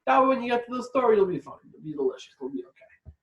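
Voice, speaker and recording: A man's voice: extremely high pitch, big pitch swings, fast, fairly bright tone, roomy sound, lo-fi sound. A man giving an informal, chatty lesson with joking asides. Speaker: teacher explaining a ritual meal. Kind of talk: informal instructional talk with joke-telling.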